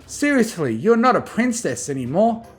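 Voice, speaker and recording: A young male dragon, blunt and exasperated, played by a male narrator. The voice is pushed high and lively. This is storybook reading with quiet music behind it. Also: moderate pace.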